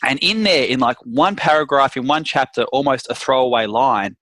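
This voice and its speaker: A man's voice: mid-range voice, moderate pace, a bit bright, no echo. A man with an Australian accent, a podcast guest talking casually with easy slang and jokes. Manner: laid-back, jokey Australian slang. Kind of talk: casual interview chat.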